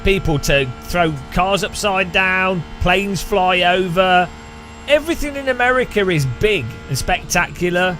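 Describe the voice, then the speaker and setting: With faint music behind him, a man from the United Kingdom streams sim racing and keeps up a rambling, jokey chat punctuated by laughter. His voice sits high and bright, a little slow, with a forceful tone.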